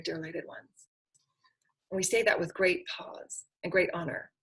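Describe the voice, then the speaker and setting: A woman's voice: medium pitch, poor audio. Earnest woman giving spiritual affirmations. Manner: earnest, repetitive affirmations, swelling and dropping to soft. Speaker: spiritual channeler and host. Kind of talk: inspirational spiritual talk.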